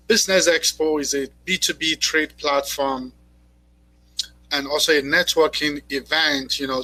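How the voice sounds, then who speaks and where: A man with a strikingly bright, forceful voice, pitched a little high, introducing a business panel. He talks in halting bursts, full of fillers and repeated words. He sounds middle-aged. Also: husky, rough recording. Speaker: panel moderator and expo organizer.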